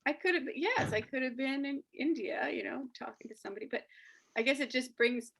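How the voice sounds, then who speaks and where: Woman host, husky and a bit gravelly, higher voice, lively storyteller. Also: fairly quick. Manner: animated storytelling, acting out quoted dialogue. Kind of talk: casual reflective chat.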